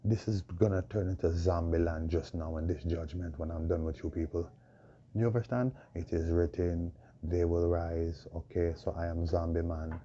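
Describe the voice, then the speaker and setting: A man with a hoarse voice, preaching a proclaiming monologue full of repeated rhetorical questions. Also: low-pitched, fairly even intonation, normal speed, warm tone. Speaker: self-styled preacher. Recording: dull lo-fi recording with faint noise.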